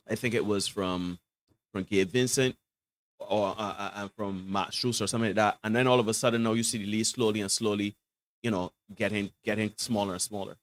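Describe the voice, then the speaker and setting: On a sports talk show, a man delivers emphatic basketball analysis. He keeps asking "right?" and swings from low asides to loud, preachy bursts.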